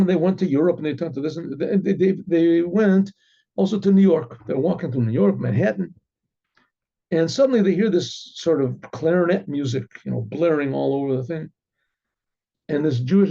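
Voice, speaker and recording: A man's voice: a little high, vocal fry, mellow, slightly rough. A man, a rabbi, telling a story in a casual, rambling way full of restarts. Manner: rambling, many restarts and fillers. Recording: dull lo-fi recording.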